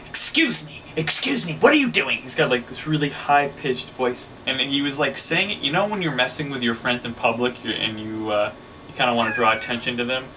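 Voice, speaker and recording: A man's voice: mid-range voice, steady tone, a little fast, background noise. A man hosting his own show, telling a story casually, rambling with lots of fillers. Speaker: show host. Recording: slightly distant mic, faint ambience.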